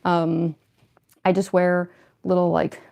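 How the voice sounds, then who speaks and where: A woman's voice: lowish voice, flat delivery, slow, gravelly, mellow. Chatty woman with a slight lisp. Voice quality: slight lisp from costume fangs. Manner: rambling, filler-heavy, self-deprecating. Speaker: cosplayer livestreaming her costume prep. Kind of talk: casual livestream chat.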